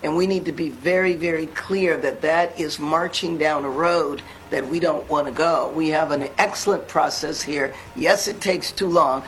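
An older woman speaking as a city mayor, guest on a casual interview, confident and measured with frequent fillers. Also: low-pitched, a little hiss or hum, rough recording.

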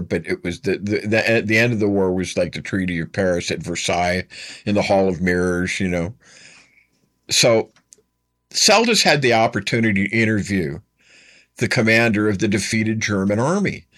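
A man's voice: on the low side, fairly bright tone. A man giving a storytelling history lecture. He talks to the listener directly and repeats his key points for emphasis.

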